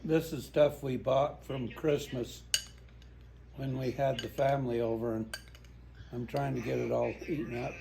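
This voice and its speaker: A man's voice: medium pitch, steady tone, measured pace, vocal fry, mellow, a little hiss or hum. An older man chatting at home while eating, plain-spoken and matter-of-fact. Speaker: husband at home. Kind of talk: casual kitchen chat. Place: home kitchen.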